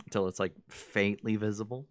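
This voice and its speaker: Player: man with a lowish voice, teasing and joking, dry sound. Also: steady tone, fairly quick, no echo. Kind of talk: playing a tabletop game over voice chat.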